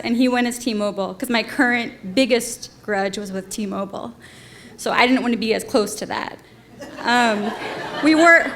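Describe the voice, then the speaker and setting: Woman, high voice, live stage storytelling, comic, profane, exasperated. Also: a bit bright. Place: theater stage with audience.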